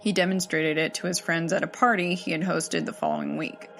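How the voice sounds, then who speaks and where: A woman reading a horror story aloud in a steady, measured storytelling manner. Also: low voice, gravelly, faint music behind. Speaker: story narrator.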